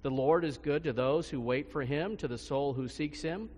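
A male pastor preaching a sermon in a conversational style, his pitch and loudness swinging widely between phrases. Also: moderate pace. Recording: long hall reverb.

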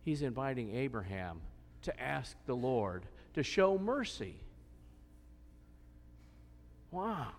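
A man's voice: medium pitch, sing-song, measured pace. A man preaching a sermon, asking questions and stressing points with emphasis. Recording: long hall reverb.

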